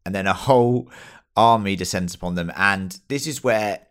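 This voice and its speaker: A man with a very low voice talks through a film with a friend. He is enthusiastic and casual, swears freely and acts out bits of dialogue. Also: normal speed, a bit bright, smooth. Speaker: podcast co-host. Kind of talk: casual film review chat.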